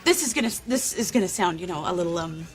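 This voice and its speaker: An actress playing a young woman in a sitcom, speaking in a halting, unsure way. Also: on the low side, animated, faint music behind, close to an everyday voice. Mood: hesitant.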